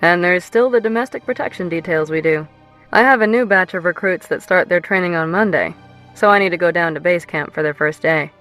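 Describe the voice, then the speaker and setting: A woman voicing a confident businessman who speaks firmly and briskly. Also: on the low side, fairly bright tone, faint music behind, lightly acted.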